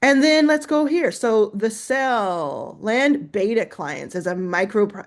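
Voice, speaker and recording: A woman's voice: a little high, lively intonation, moderate pace, few pauses. A woman hosting a casual screen-share tutorial, chatting and reacting as she goes, laughing to herself while she types and reads aloud. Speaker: host.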